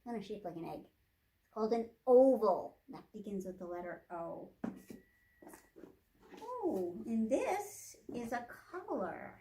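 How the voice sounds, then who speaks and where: A woman librarian reading a picture book aloud at a children's storytime, speaking gently to young children and asking them questions. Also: mid-range voice, sing-song, takes it slowly, pauses often. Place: public library.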